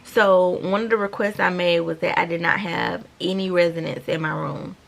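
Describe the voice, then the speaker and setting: Woman, 30s, low gravelly voice, animated storytime vlogger talking straight to viewers. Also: normal speed. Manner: animated, chatty, addresses viewers as y'all. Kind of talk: storytime vlog.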